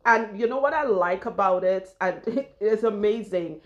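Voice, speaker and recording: A woman's voice: mid-range voice, a little slow, dull audio. A woman chatting casually while her hair is done, rambling and laughing often, on a clip-on mic. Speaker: loctician and vlogger.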